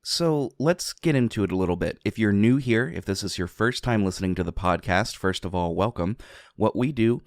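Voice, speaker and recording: A man's voice: fairly low pitch, lively intonation, fairly quick, no echo, studio quality. A man from southwestern Pennsylvania co-hosting a casual podcast, enthusiastic, laughing often and rambling into asides. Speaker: podcast co-host.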